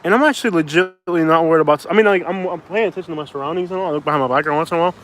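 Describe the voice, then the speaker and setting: A man's voice: fairly high pitch, racing, fairly bright tone, slight background noise. A young man from Florida rambling casually with constant "like"s, vlogging outdoors into a phone on a stabilizer. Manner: rambling, heavy use of "like", restarts. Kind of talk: casual walk-and-talk vlog. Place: outdoors on a street. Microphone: phone on a handheld stabilizer.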